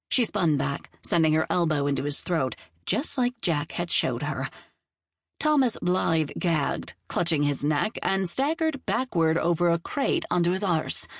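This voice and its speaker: A woman reading a novel aloud in steady, composed scripted narration. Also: sits low, no room sound, studio quality. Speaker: audiobook narrator.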